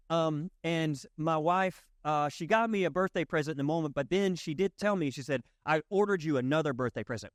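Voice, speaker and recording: Middle-aged male pastor, conversational preacher; slightly high voice, dry close sound, lively quoted bits. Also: no room sound. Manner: animated, acts out quoted voices with jumps in pitch; casual, lots of fillers and asides to the audience. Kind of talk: conversational sermon storytelling.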